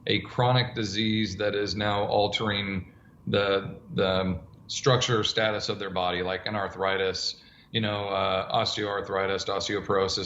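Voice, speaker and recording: A man's voice: on the low side, roomy sound, highs cut off, a little hiss or hum. A man who coaches strength training for older adults, answering interview questions and acting out dialogue as he tells stories. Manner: animated storyteller, acts out dialogue.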